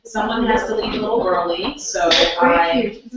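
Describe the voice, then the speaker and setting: A woman's voice: medium pitch, moderate pace. A woman from the Virgin Islands, a poet, talking a little nervously between pieces at a cafe open mic. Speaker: spoken word poet. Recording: echoey room, distant lo-fi mic, noise.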